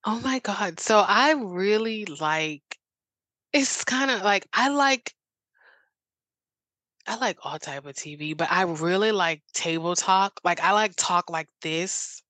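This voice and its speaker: Eager rambling woman, bright tense voice. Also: mid-range voice, expressive, slow, no room sound. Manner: eager, rambling storyteller with many "like"s and restarts. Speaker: interview guest. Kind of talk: casual interview chat.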